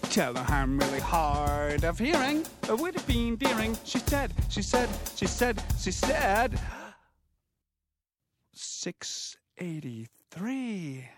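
A man's voice: sits high, big pitch swings, slow pace, over loud music, heavily acted. A man singing a comic musical theatre number as a man going deaf, with patter and spoken asides over a band. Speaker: singer in a stage musical. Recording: cast recording over loud band.

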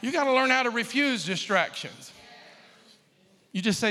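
A male pastor preaches with rising fervor, pushing his very high voice toward a shout and calling out to the congregation. His sermon rings out through a church sanctuary with a long, lingering reverb. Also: lively intonation, moderate pace. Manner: fervent, builds to shouting, calls out to the congregation.

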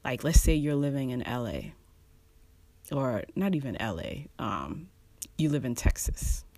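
A preacher giving casual devotional teaching, pausing often, repeating words and chuckling between thoughts. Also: mid-range voice, big pitch swings, a little mellow, no echo. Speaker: online preacher.

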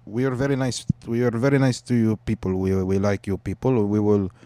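Guy putting on a loud hammy accented elder, pitched way up, dry sound. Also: little pitch movement, a little fast, no room sound, lightly acted. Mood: boastful. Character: grandiose male Palestinian elder, mock accent.

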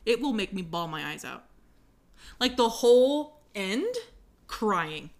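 A woman's voice: medium pitch, sing-song, slow. A young woman chatting casually about books, giggly, swearing now and then and trailing off mid-sentence. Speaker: podcast co-host.

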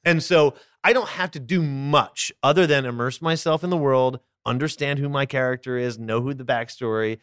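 A man with a Philadelphia accent, chatting as a podcast guest about his acting work, animated and quick to restart his sentences. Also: medium pitch, clean tone, dry recording, clean studio sound. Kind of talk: casual interview chat.

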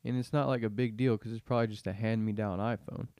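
A man's voice: on the low side, fairly even intonation, fast, darkish tone, no echo, studio quality. Profane young man ranting on a podcast. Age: 20s. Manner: profane, slangy, meandering rant. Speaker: podcast host. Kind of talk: casual rambling monologue.

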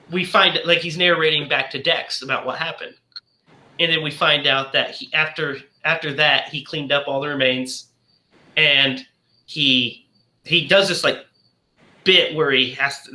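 A man's voice: fairly high pitch, pushed and bright, echoey room. A man chatting casually on a podcast, retelling a film plot in a rambling way, full of "like" and "you know".

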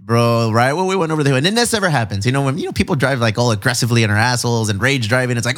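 A man, hosting a casual chat in a mid-range voice. He tells stories with animated, profane energy and throws in plenty of slang. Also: mid-range voice, very fast, hardly any pauses. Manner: animated, profane storytelling with lots of "bro" and "dude". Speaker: podcast host.

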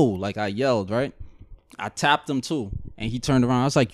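Animated young man telling a story. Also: mid-range voice, a little fast, no echo, clean studio sound. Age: 20s. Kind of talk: casual group chat.

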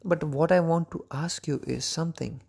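A man voicing a curious, excited little boy in a spoken story, with eager, breathless questions. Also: a little high, normal speed, gravelly, breathy edge.

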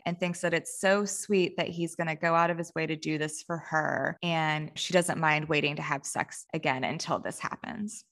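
Woman, podcast co-host, low gravelly voice, chatty recap that mimics the characters. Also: fairly bright tone. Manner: chatty retelling, acting out characters' lines in quick asides. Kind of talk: casual chat.

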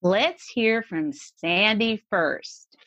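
A woman hosting a faith podcast, reading a measured, welcoming show introduction. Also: medium pitch, fairly bright tone, no echo, lo-fi sound. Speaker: podcast host.

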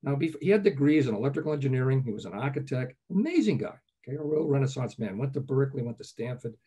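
Fast-talking older man telling stories. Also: medium pitch, expressive, warm tone, breathy edge. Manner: chatty, anecdotal, frequent "okay?" asides, chuckles often. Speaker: guest, groundwater professor. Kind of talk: relaxed storytelling interview.

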